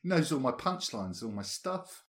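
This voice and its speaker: A man's voice: mid-range voice, big pitch swings, moderate pace. A man, co-hosting a podcast in casual chat and telling anecdotes with frequent laughter. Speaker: podcast co-host.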